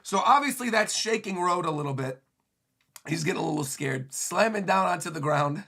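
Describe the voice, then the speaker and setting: A man livestreaming his reaction to a manga chapter, giving excitable, animated commentary into a desk microphone. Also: high voice, normal speed, vocal fry.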